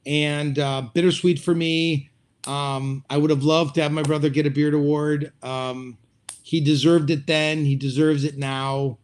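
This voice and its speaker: A man's voice: on the high side, flat delivery, a little slow, a little hiss or hum. A middle-aged man speaking as a restaurateur guest in an interview, reflective and hesitant with frequent fillers, over a video call. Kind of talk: interview conversation.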